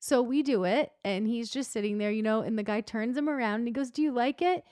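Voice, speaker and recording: A woman's voice: fairly high pitch, fast talker, smooth, no echo, clean studio sound. A woman in her thirties chatting casually, telling a story and acting out the people in it. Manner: animated storyteller, acts out quotes. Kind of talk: casual chat.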